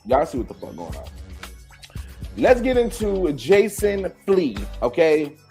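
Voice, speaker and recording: A man's voice: a little high, wildly swooping pitch, unhurried, warm tone, soft background music. A man hosting a live gossip stream, ranting in heated, profane commentary straight to his viewers.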